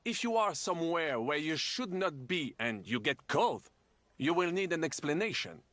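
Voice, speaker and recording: A fussy, theatrical language tutor. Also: male voice, fairly high pitch, very animated, moderate pace, a bit bright, no echo. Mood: patient, exacting. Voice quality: precise, exasperated tutoring manner. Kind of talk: game voice acting.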